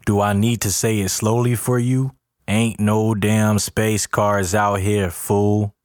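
A man's voice: fairly low pitch, level tone, slow pace, darkish tone, dry recording, studio quality. A man voicing a cocky young man who mocks his cousin in street slang. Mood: mocking. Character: cocky young man, mocking tough guy.

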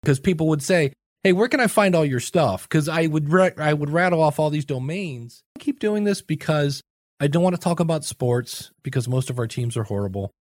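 A man's voice: on the high side, lively intonation, fairly quick, dry recording, clean studio sound. A man chatting as a podcast guest, goofy and full of radio-style storytelling. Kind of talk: casual chat.

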